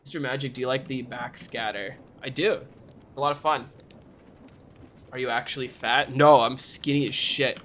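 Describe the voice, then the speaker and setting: A man's voice: mid-range voice, fairly even intonation, moderate pace, a bit bright, a little hiss or hum. A young man streaming live, chatting casually and ranting animatedly, often breaking into laughter. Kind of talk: casual chat.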